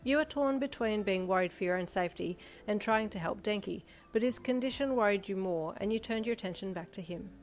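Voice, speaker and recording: Narrator: woman, steady gentle storyteller, soft backing music under her. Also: mid-range voice, brisk, few pauses. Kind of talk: second-person audio fanfiction narration.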